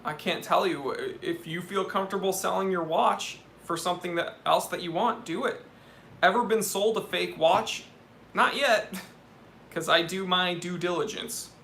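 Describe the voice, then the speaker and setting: A man's voice: high-pitched, a little slow, gravelly, bright, forceful tone, roomy sound, a little hiss or hum. A young man hosting a casual live stream, answering chat questions in a chummy, laid-back way and calling people "dude". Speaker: watch channel host answering live chat.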